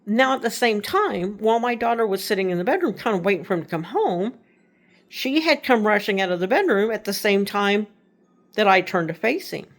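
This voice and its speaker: Rambling woman telling a ghost story, gravelly. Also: medium pitch, lively intonation, a little fast. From Texas. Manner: rambling, self-correcting, conversational. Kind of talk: casual spoken storytelling.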